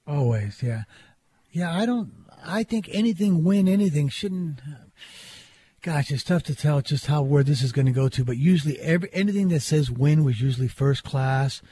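Husky, higher-voiced radio man. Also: animated, moderate pace, mellow, dry recording. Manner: rambling, reflective, laughs easily. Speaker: radio sports talk co-host. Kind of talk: casual studio banter. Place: radio studio. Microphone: studio microphone.

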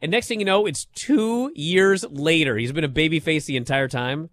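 A man co-hosting a wrestling podcast, talking in casual chat and getting worked up into loud disbelief. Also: a little high, normal speed. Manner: animated, rising to loud disbelief. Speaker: wrestling show co-host.

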